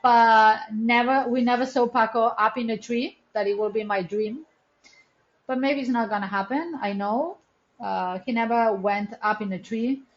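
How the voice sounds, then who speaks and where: Woman, rescue center founder, earnest chatty storytelling, non-native phrasing, dull lo-fi audio. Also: a little high. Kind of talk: casual interview storytelling.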